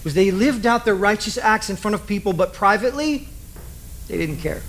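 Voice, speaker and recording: A man's voice: high-pitched, lively intonation, moderate pace, a bit bright, a little hiss or hum, poor audio. A man preaching a sermon as a pastor, talking animatedly and acting out little asides.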